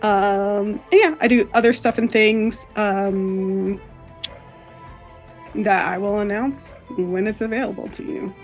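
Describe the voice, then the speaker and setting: A woman's voice: medium pitch, fairly even intonation, slow pace, faint music behind. A woman tabletop game player introducing herself in casual chat, wry and joking.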